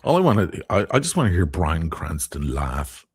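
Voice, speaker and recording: A man hosting a casual live stream, talking in a very low, gravelly voice and reading out viewer comments as he chats. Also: wildly swooping pitch, moderate pace. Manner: chatty, reads viewer comments aloud.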